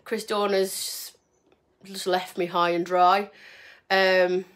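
A woman's voice: mid-range voice, little pitch movement, takes it slowly, fairly bright tone. A woman chatting casually to viewers while she paints furniture, rambling and friendly. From English Midlands, near Birmingham.

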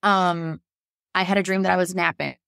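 Lively woman telling a story. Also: normal speed, vocal fry, clean tone, no room sound, clean studio sound. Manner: animated, laughs often, acts out quotes in a higher voice. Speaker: podcast guest. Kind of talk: casual storytelling.

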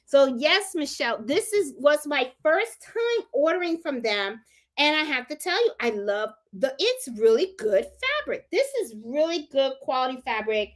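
A woman's voice: high-pitched, very animated, normal speed. A woman with a Puerto Rican accent hosting a casual live stream about sewing, chatting and repeating herself for emphasis. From Puerto Rico. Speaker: crafting channel host.

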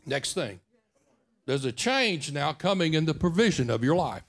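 A man's voice: fairly high pitch, very animated, moderate pace, a bit bright. A man preaching a sermon, telling a personal story in a folksy, intimate way. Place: church.

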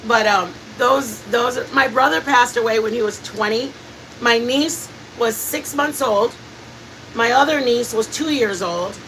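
A woman hosts a cooking stream, chatting to her viewers and laughing her way through family stories. Her voice sits a little high. She sounds set back from the mic, with a faint noise floor behind her. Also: a little slow, far from the mic, poor audio. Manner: chatty, laughing, animated storyteller. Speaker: cooking channel host. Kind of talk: casual storytelling while cooking on a live stream.

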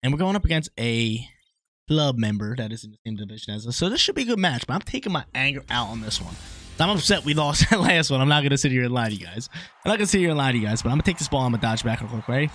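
A young man giving live commentary over his own online soccer game, excitable and swinging between hype and frustration. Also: medium pitch, racing, dry recording. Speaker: gaming YouTuber.

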